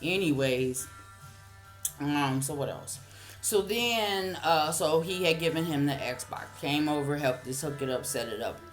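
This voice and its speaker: A woman with a fairly low-pitched voice tells a storytime monologue in a casual, blunt way, swearing freely. Faint music plays under her talk. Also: animated, unhurried. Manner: blunt, profane, heated retelling. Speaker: vlogger telling a story.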